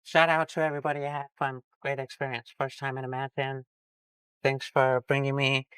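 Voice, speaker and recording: A man with a mid-pitched, smooth voice speaks in a resigned and aggrieved way. The recording is dry and close. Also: little pitch movement, a little fast, fairly bright tone, dry recording, low-quality recording. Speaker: eliminated contestant. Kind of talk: casual exit speech.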